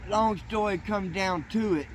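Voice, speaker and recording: A man's voice: high-pitched, unhurried. A man telling a rambling story in folksy, profane, colloquial speech, as a train-hopping vlogger. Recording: noisy outdoor street recording.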